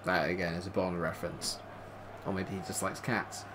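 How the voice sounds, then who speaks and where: A young man commentating his own football video game, calm between plays and shouting when goals go in. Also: deep voice, moderate pace, background noise. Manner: excitable, shouts at goals, dry jokes. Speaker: gaming YouTuber. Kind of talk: gameplay commentary.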